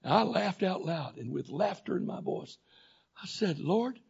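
Male preacher, raised pitch, gravelly rasp, dynamic delivery from hushed to shouted. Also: expressive, unhurried, lo-fi sound. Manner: swings from quiet storytelling to shouting intensity. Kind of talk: sermon.

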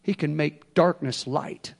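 A man preaches in an emphatic, call-and-response style. His voice sits high for a man, and he moves from hushed stretches to strong, rising lines. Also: slow pace, creaky. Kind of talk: sermon.

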